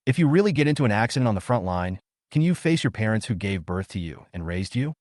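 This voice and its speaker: A man's voice: on the low side, big pitch swings, quick pace, a little mellow, dry recording, clean studio sound. A man voicing a stern young female military radio correspondent, speaking in an emphatic, scolding way.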